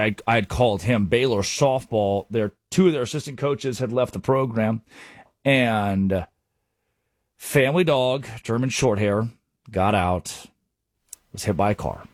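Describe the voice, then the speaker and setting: Animated rambling sports radio host, man. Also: on the low side, measured pace, no echo, studio quality. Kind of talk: sports talk monologue.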